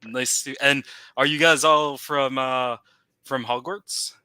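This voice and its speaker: A man's voice: medium pitch, steady tone, slow pace, sharp tone, smooth, no room sound. A man voicing a friendly French Canadian villager with a put-on Quebec French accent, dropping in French phrases. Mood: cheerful. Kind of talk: tabletop role-play.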